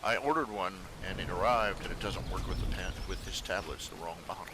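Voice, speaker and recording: A man's voice: low voice, quick pace, noisy background. A man chatting casually to viewers during a live stream at his computer, rambling with many fillers and restarts. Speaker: webcomic artist streaming live. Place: home room at his computer.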